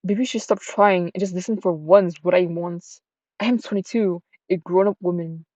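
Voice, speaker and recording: A proud young noblewoman with a sharp, sarcastic tongue, read aloud by a woman. Her voice sits low and mellow, and it is heard on a dull, dry lo-fi recording. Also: steady tone, normal speed, no room sound, close to an everyday voice. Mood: cool defiant. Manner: cool, sarcastic, dismissive.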